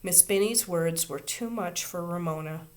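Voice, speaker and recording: A woman, a teacher, reading a children's chapter book aloud with expressive, steady storytelling. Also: on the low side, moderate pace.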